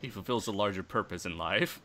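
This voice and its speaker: A man's voice: fairly low pitch, a little fast, a little hiss or hum. A man hosting a casual podcast, joking and laughing often with his guests. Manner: animated, laughs often, jokey. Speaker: podcast host.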